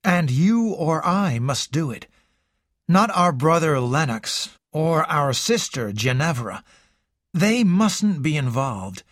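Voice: medium pitch, very animated, slow pace, a bit bright, no room sound, clean studio sound, full character voice. Reader voicing a tense, bitter young man. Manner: urgent, bitter, insistent.

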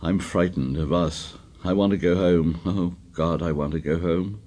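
A man voicing a shaken, haunted teenage boy who speaks low and quietly. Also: unhurried. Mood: stricken.

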